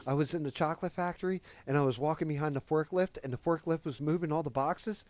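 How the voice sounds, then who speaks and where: A man voicing a giddy young man high on nitrous, excited and giggly. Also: quick pace, slight background noise, lightly acted.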